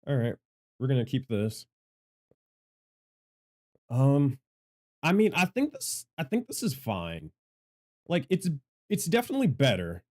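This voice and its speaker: Loud, rambling man testing his mic. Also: mid-range voice, huge pitch swings, a little slow, long pauses. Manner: loud, rambling and self-deprecating. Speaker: gaming content creator and streamer. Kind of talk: casual livestream mic testing. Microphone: studio microphone with equalizer.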